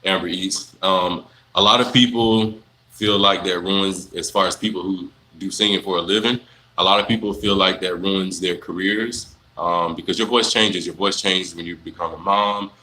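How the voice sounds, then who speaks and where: A young man, chatting casually on a livestream, answering viewers in a relaxed, rambling way full of fillers. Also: deep voice, normal speed, slight background noise, low-quality recording. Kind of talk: casual live Q&A chat.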